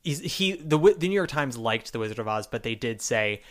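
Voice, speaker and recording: Male podcast host, mid-range voice, chatty and animated. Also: mid-range voice. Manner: animated, quick retellings with acted-out quotes. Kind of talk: casual chat.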